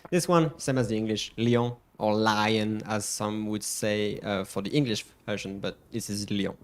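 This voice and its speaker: A French man with a French accent, co-hosting a casual stream and playfully teaching pronunciation with drawn-out, emphatic words. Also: lowish voice. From France. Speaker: co-host.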